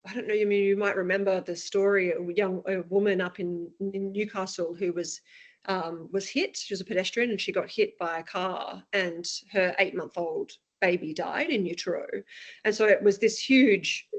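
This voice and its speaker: Woman guest, candid and emotional, medium pitch, interview storytelling. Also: moderate pace. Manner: candid, emotional, frequent restarts. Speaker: guest, parent.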